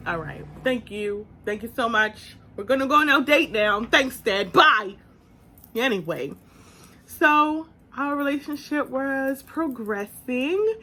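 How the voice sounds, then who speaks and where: A young woman with a fairly high voice tells a personal story to her viewers in a casual vlog. She is animated, laughs easily and slips into the voices of the people she quotes. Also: slow, a little hiss or hum. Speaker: vlogger.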